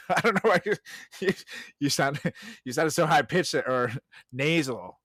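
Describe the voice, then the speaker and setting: Animated, bright-voiced joking man. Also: on the high side, slow pace, dry recording, studio quality. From Venezuela. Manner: joking, laughs often. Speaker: podcast co-host. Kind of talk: casual comedic chat.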